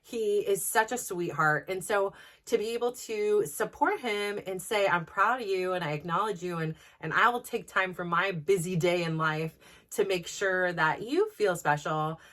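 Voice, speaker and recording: A woman's voice: lowish voice, moderate pace. Chatty woman telling a story. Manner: animated, laughing, with frequent restarts. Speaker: podcast host. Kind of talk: casual personal storytelling.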